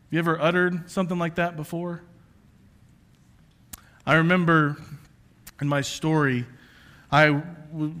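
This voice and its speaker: A man preaching a sermon with a bright, forceful voice pitched a little high. He talks conversationally, then bursts into loud, impassioned cries and sinks to hushed whispers. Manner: swings from shouting to hushed whispers; self-confessed yeller, passionate and conversational. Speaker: pastor.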